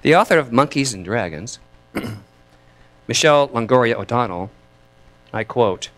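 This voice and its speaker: Male minister, sermon, chatty delivery with a lively, swinging pitch, leads call and response. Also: normal speed, long pauses. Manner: lively, chatty, laughs between thoughts.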